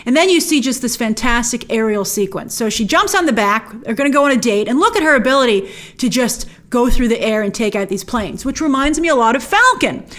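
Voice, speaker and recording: A woman's voice: on the high side, lively intonation, fairly quick, a bit bright. A woman hosting an episode breakdown, narrating scenes with enthusiasm and playful quoted lines. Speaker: host.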